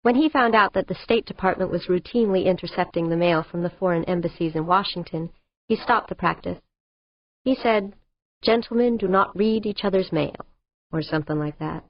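A woman narrator voicing a composed male corporation head with a measured, wry manner. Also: on the low side. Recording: dull lo-fi audiobook recording.

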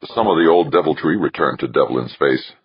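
A man narrating an audiobook in a steady storytelling voice, giving each character a voice. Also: rumbling low, fairly quick, breathy edge, dry recording. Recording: dull lo-fi dry recording.

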